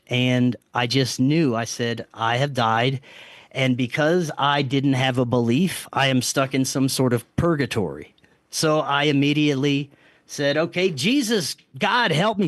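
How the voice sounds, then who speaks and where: A mid-range male voice, free of room sound, belongs to a podcast guest telling a story in a casual interview. He earnestly describes a strange experience, starting over at points and quoting things he told himself.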